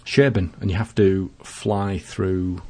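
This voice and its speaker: A plain-spoken man in casual chat about flying, calling himself a rough-edged sort of chap. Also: low voice, steady tone, takes it slowly, dark tone. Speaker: podcast co-host, private pilot.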